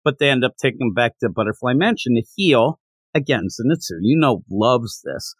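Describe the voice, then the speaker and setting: A man's voice: medium pitch, expressive, brisk, slightly rough, dry recording. A man co-hosting a podcast, chatting casually as he recaps a manga chapter and slips into character voices while retelling it. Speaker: podcast co-host.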